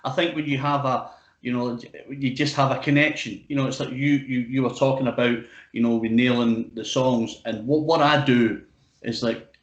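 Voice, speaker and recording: A man's voice: medium pitch, fairly even intonation, normal speed, dull audio. Man, interviewer, casual banter, swears and laughs, roomy echo, video call. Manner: chatty, swears freely, laughs loudly.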